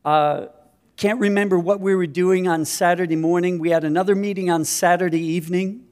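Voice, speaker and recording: A man in his fifties from Minnesota tells a personal testimony as a missionary speaker. His voice sits a little high for a man. He talks in an earnest, self-deprecating storytelling way. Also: fairly even intonation, a little fast, darkish tone. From Minnesota, USA.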